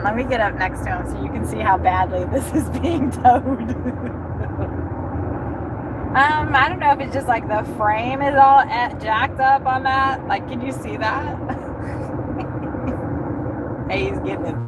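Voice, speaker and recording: Slow-talking middle-aged woman driving. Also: medium pitch. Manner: rambling, chatty, laughs often. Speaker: delivery driver live-streamer. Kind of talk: casual live-stream chat while driving. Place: inside a car on city roads. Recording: loud car and road noise.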